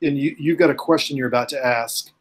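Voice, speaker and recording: A man's voice: mid-range voice, fast talker, breathy edge. A man running a tabletop game as game master, rambling with many ums and uhs.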